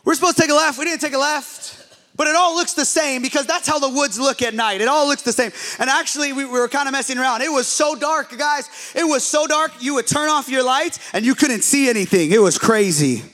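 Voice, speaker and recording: Young guy pastor w a really high voice, animated, jokes at himself telling a story. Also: quick pace. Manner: animated, self-deprecating, joking with the crowd. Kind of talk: humorous storytelling sermon.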